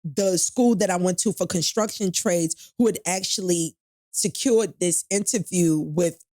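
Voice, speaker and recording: A woman's voice: on the low side, measured pace, warm tone, no echo. A middle-aged woman guest on a podcast, retelling a painful personal story in a blunt, profane, emphatic way.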